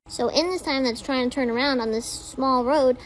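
A young woman vlogging to camera in a casual, rambling way, with a high voice that sounds like it comes from someone small. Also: normal speed, a little hiss or hum. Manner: chatty, rambling with many "like"s. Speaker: content creator. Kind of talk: casual talking-to-camera vlog.

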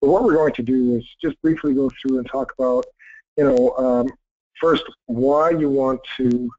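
A man of medium pitch gives a live software presentation as his voice fades and turns hoarse. He keeps clearing his throat and leans on filler words. The recording is dry and muffled, like compressed online meeting audio. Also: fairly even intonation, normal speed, no echo. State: losing his voice. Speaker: webinar presenter.

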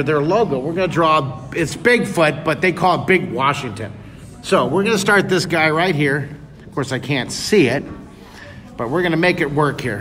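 An enthusiastic man with a high, bright voice runs a live drawing lesson for a room of kids. The sound carries a long echo from the hall around him. Faint room noise sits behind his voice. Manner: enthusiastic, cheering on children. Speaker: art teacher. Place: museum room with children. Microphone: leaning close to camera. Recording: echoey hall, noisy room.

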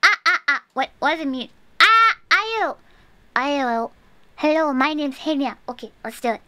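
A woman's voice: high voice, moderate pace, pushed and bright. A young woman streaming a horror game, jumping between whispers and shrieks and dropping Japanese words into her talk. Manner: jumpy, swings from whispers to shrieks. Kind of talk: live gameplay commentary.

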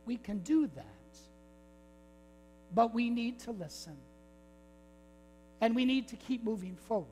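A man's voice: extremely high pitch, warm tone. A man, a priest, preaching a sermon with repeated rhetorical phrases and calls to "my friends". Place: church. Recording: long church reverb with faint mains hum.

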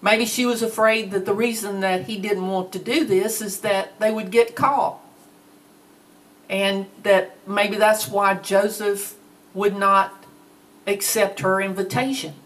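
A woman's voice: medium pitch, fairly even intonation, a bit bright, recorded from a distance, low-quality recording. A woman teaching a Bible lesson in a plainspoken, conversational way. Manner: slow, plainspoken, conversational with fillers.

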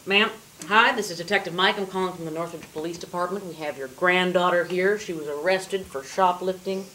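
A woman's voice: fairly low pitch, fairly quick. A woman playing a brusque male cop on the phone. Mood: official. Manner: businesslike, official phrasing. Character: gruff male police detective, brusque. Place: theater stage. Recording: loud background noise, live theater.

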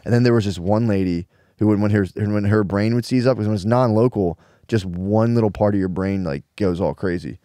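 A man, co-hosting a podcast. His voice sits low and is recorded dry, with no room around it. He tells stories in a loose, rambling, profane way. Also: a little fast, mellow, no echo. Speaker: podcast co-host. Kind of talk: casual chat.

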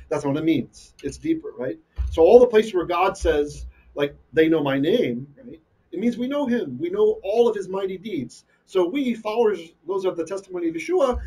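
A man's voice: sits high, darkish tone, recorded from a distance, poor audio. A man teaching a live online Bible lesson, reading Hebrew verses and translating them line by line, often checking in with "right?". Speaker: Torah teacher.

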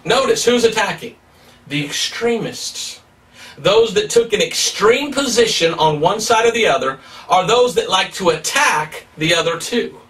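A man's voice: sits high, a bit bright, recorded from a distance. A male pastor preaching a sermon, emphatic and plain-spoken, asking rhetorical questions as he teaches.

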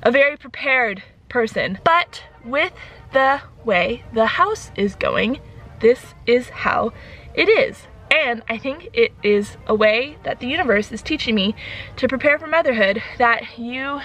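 A woman's voice: on the high side, lively intonation, unhurried, fairly bright tone, faint music behind. A young woman vlogging in a casual, chatty way, laughing often and a little out of breath. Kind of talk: casual chat to camera.

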